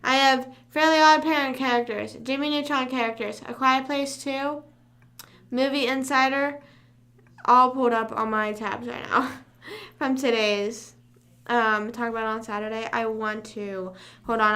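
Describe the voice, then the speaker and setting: A young woman rambles casually to her livestream chat. Her voice sits a little high and sounds bright and forceful. She wanders off topic and hums to herself between remarks. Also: steady tone, normal speed. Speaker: livestream host.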